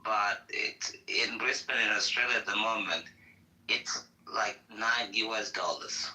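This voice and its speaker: A man's voice: on the low side, a little slow, sharp tone, roomy sound, low-quality recording. Heated, profane man ranting. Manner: heated, profane, repeats himself, hesitant restarts. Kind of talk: casual political rant.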